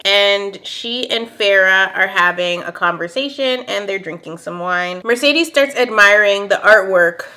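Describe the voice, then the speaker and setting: A young woman chats through a TV episode recap, sassy and lively. Her voice is bright and a bit sharp, pitched in the middle, and she breaks into laughter now and then. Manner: sassy, animated, laughs often. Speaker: recap show host. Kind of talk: casual TV recap chat.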